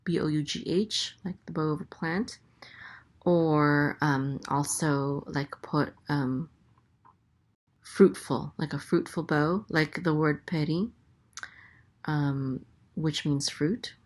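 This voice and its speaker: Low-voiced woman teaching Hebrew letters. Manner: slow and explanatory, with many fillers and self-corrections. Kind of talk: casual spoken lesson.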